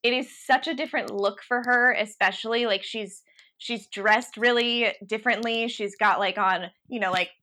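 A young woman co-hosting a podcast, chatting casually and laughing often between quick asides. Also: medium pitch. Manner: giggly, animated, talks in quick asides. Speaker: podcast co-host. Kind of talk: casual chat.

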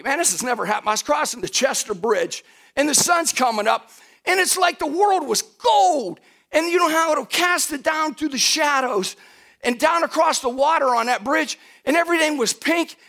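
A middle-aged man preaches with a strikingly high voice and a gravelly edge. His delivery swings widely in pitch, folksy and direct, building to shouts at the peaks. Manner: animated preaching, rising to shouts at high points; folksy, addresses the congregation directly. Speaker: pastor. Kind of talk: sermon.

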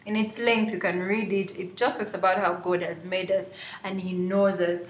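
A woman's voice: medium pitch, little pitch movement, moderate pace, a little hiss or hum. Reflective woman in an echoey room. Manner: reflective, many fillers. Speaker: podcast host. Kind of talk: Christian podcast conversation.

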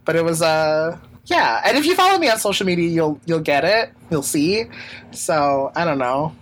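A woman's voice: low voice, big pitch swings, moderate pace, a little hiss or hum, poor audio. A woman hosting a podcast, telling a travel story in a rambling, filler-heavy way with casual swearing and laughs. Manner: rambling, lots of fillers and restarts. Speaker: podcast host.

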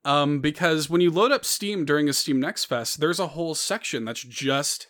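A man's voice: a little high, moderate pace. A man, co-hosting a casual gaming podcast and telling stories with lots of laughs. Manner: animated storyteller, laughs often. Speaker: podcast co-host. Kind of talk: casual chat.

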